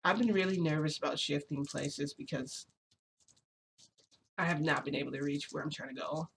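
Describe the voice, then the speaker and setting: Creaky-voiced vlogger rambling and venting. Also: mid-range voice, fairly even intonation, moderate pace, a bit bright, a little hiss or hum. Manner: rambling and confessional, many fillers and restarts. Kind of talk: casual vlog chat, venting.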